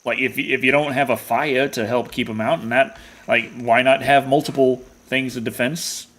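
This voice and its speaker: A man's voice: medium pitch, steady tone, moderate pace, a bit bright. A young adult man streaming a hunting game, rambling and jokey in casual commentary.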